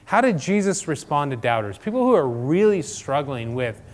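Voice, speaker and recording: A man's voice: fairly high pitch, big pitch swings, normal speed, big-room sound. A man giving a conversational sermon, chatty and often checking in with "right?". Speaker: church speaker.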